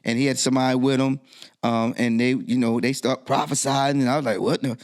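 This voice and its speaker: A middle-aged man, a guest DJ, telling a personal story in a podcast interview, his voice jumping high when he quotes himself. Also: steady tone, a little fast, background noise.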